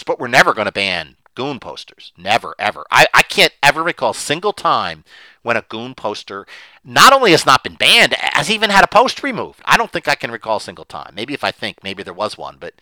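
A man talking in a rambling monologue, repeating words and rising loud and high when indignant. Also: huge pitch swings, a little fast, no room sound. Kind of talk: casual monologue.

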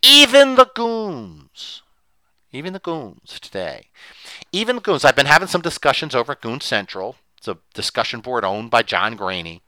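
A man's voice: mid-range voice, lively intonation, brisk, sharp tone, no echo, low-quality recording. A man delivering an impassioned solo monologue as a commentator, emphatic and sarcastic, often repeating himself.

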